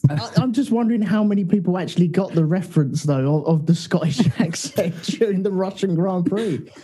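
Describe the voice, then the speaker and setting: A man's voice: high voice, a little fast, warm tone, husky. A man guesting on a podcast, chatting casually and bantering with a laugh. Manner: jokey, banters, laughs often.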